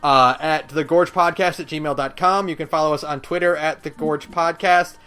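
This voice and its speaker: A man's voice: a little high, steady tone, normal speed, pushed and bright, clear, resonant tone. A man co-hosting a podcast in casual chat, rambling with many fillers and swearing freely. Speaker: podcast co-host.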